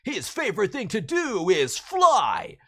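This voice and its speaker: Casting: woman doing a gruff hero announcer, slow and deliberate. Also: medium pitch, wildly swooping pitch, pitched above the performer's own voice. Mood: announcing. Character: gruff heroic racer man reading a character bio.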